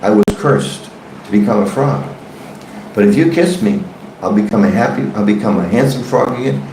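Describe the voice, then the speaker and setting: A man's voice: lively intonation, normal speed, a little mellow, far from the mic, a little hiss or hum. A man voicing a talking male frog who is a cursed prince, pleading insistently in a told joke. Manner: frantic, high and insistent. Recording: echoey room.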